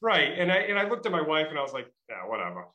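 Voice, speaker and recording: Bright-voiced trooper with a New England accent. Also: male voice, on the high side, expressive, racing, echoey room, dull audio. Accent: Massachusetts and Rhode Island. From Massachusetts. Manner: chatty storyteller, many fillers and restarts. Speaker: state trooper, interview guest. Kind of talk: casual interview.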